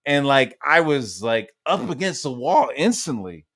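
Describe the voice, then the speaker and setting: A man's voice: mid-range voice, a little slow, dry recording, clean studio sound. A man co-hosting a livestream, telling a story in casual comedic chat, swearing freely and acting out the people in it. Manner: animated storyteller, heavy swearing, acts out quotes. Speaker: livestream co-host.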